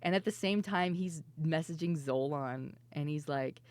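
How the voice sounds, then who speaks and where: A woman streamer telling stories in casual chat, her voice worn and hoarse, laughing often and swearing freely. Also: low voice, moderate pace. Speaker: VTuber streamer.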